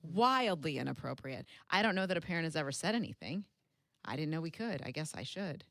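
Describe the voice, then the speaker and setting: A woman co-hosts a sports radio show. She has a very low voice and is recorded close and dry in the studio. She chimes in with wry, casual comments. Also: lively intonation, quick pace, no echo. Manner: reactive, wry listener.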